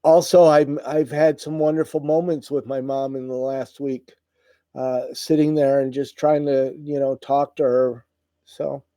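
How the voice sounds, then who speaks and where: A middle-aged man chats with viewers on a livestream, tired and stumbling through his words with many fillers. His voice is mellow and warm, recorded close and dry with no room sound. He sounds emotional and worn out. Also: medium pitch, flat delivery, unhurried, dry recording. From United States. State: tired, voice wearing out. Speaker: livestream host. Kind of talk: casual live chat reading viewer comments.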